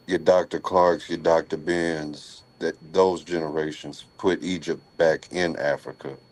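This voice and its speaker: Deep-voiced, slow-speaking man panelist. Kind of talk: casual panel discussion.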